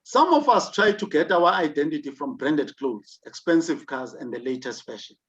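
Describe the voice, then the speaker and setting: A man's voice: a little high, expressive, moderate pace, fairly bright tone. Emphatic South African man lecturing. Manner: emphatic, rhetorical questions. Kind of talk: online leadership lecture. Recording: dull lo-fi recording.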